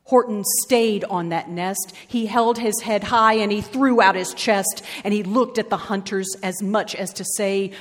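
A woman reading a rhyming storybook aloud in a measured, expressive way. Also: mid-range voice, big-room sound.

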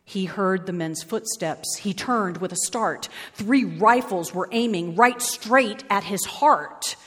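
A woman reading a rhyming storybook aloud in a measured, expressive way. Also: mid-range voice, slightly rough, in a large hall.

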